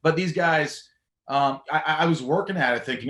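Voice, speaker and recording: Animated storytelling man on a podcast. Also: on the high side, moderate pace, roomy sound. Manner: animated, acts out quoted voices. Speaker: podcast guest. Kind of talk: casual storytelling conversation.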